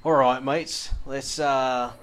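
A man's voice: medium pitch, fairly even intonation, slow pace, a bit bright, clean tone. A man voicing a cheery adventurer in a thick put-on Cockney accent. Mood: chummy. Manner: laid on thick, chummy.

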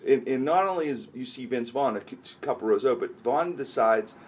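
Host dude, swoopy lively voice, keeps asking for more, faint hiss. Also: male voice, medium pitch, fairly quick. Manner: eager, prompting questions. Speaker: podcast host. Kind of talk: casual chat.

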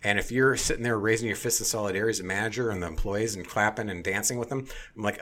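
Male podcast host, low register, blunt and profane, heated off-the-cuff delivery. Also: very fast, hardly any pauses, pushed and bright. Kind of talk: casual opinionated chat.

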